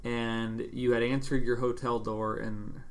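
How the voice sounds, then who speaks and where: A man conducting a conversational interview, asking relaxed questions. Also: medium pitch, measured pace.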